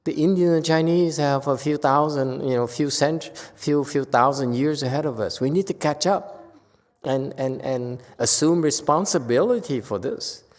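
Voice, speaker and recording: A man's voice: fairly high pitch, normal speed. Man lecturing in a reverberant hall. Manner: conversational, animated bursts, frequent restarts. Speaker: Buddhist teacher. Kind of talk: informal dharma lecture.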